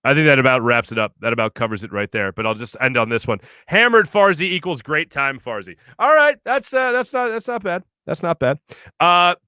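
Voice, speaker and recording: Brisk and forceful, a sports radio host in his thirties speaks in a medium-pitched, bright, clear and resonant voice, recorded dry with clean studio sound. He reads viewer comments in relaxed studio chat, often laughing and rambling through stories.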